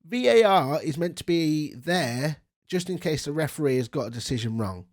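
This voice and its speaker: A man's voice: a little high, animated, normal speed. A man, ranting angrily and swearing about a football decision on his channel. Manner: sweary, indignant, rambling. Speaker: football vlogger. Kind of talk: angry football rant.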